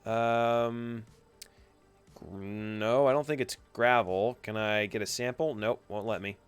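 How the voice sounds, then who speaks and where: A man's voice: lowish voice, steady tone, slow pace, clear, resonant tone, faint music behind. A young man giving a screen-recorded tutorial, narrating each click with chatty, playful asides. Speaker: coding instructor.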